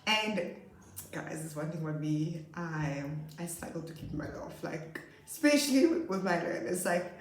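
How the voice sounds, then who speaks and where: A young woman teacher casually telling funny stories about her class, laughing often and acting out her pupils. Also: moderate pace. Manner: animated, laughs often, acts out her pupils in high voices. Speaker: grade 2 teacher. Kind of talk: casual storytelling vlog. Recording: roomy echo, slightly far from mic.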